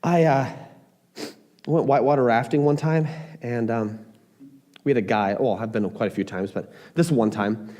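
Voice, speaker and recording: A man preaching a sermon as pastor, talking in an animated, emphatic way with frequent restarts. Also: medium pitch, normal speed, pauses often.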